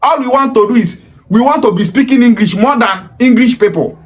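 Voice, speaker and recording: Nigerian man, preachy, emphatic, high voice, rhetorical questions. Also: a little fast, a little hiss or hum. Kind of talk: impassioned monologue in Pidgin and Igbo.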